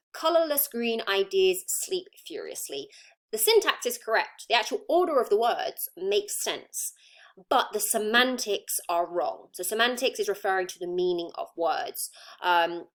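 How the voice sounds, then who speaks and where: A woman's voice: medium pitch, animated, normal speed. A woman with an English accent, a psychology lecturer explaining patiently with frequent ums and worked examples. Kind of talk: recorded lecture.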